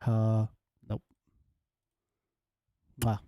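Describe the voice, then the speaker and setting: Drawing out his words in a lowish voice, a young Australian chats casually while live-streaming a game from his room, self-described as monotone and prone to rambling restarts. A desk mic sits very close to his mouth, and the dry recording has no room sound, though the stream is noisy with game audio.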